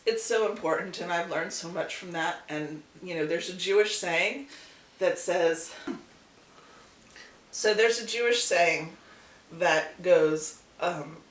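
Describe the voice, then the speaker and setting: Echoey woman telling a folk tale. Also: fairly low pitch. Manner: animated, repetitive storytelling with asides. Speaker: channel host and storyteller. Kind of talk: casual storytelling vlog. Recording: echoey room, distant mic, faint hiss.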